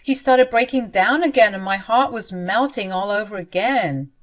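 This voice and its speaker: A woman narrating a first-person story in an earnest, expressive way. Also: medium pitch, normal speed.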